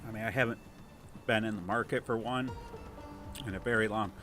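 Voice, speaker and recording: A man with a Toledo, Ohio twang hosts a relaxed gameplay stream in a low-pitched voice. He rambles easily and reads out comments from viewers, with faint music playing underneath. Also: fairly quick. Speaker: livestream host. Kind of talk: casual gameplay livestream chat.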